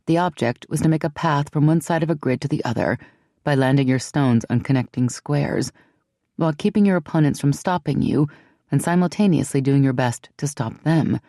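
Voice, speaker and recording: An audiobook narrator telling a fantasy romance in an even, measured way. The voice is gravelly and mellow, recorded close and dry. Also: medium pitch, no echo. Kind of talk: scripted narration.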